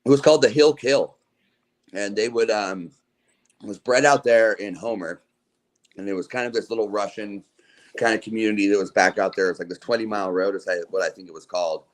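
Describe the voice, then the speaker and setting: A man's voice: lowish voice, fairly quick. A man from Utah, a podcast guest, telling long casual stories in a laid-back, slangy way, full of "like" and swearing. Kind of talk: casual storytelling.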